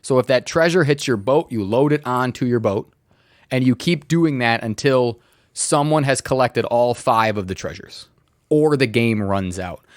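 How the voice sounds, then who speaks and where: A man co-hosting a board game podcast, calmly explaining how a game plays in casual chat. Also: mid-range voice, moderate pace, no room sound. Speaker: podcast co-host. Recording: dry close mic.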